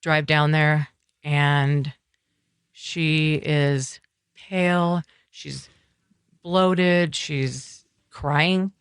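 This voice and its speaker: A middle-aged woman talking earnestly as a podcast guest, telling a personal story in halting, reflective sentences. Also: low-pitched, steady tone, clean tone, no room sound, clean studio sound. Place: coffeehouse.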